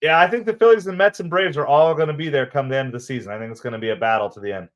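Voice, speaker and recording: A man's voice: on the high side, very fast, dull audio. A man hosting a live baseball watch-party stream, chatting casually with viewers in an upbeat way and laughing often. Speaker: livestream host and baseball commentator.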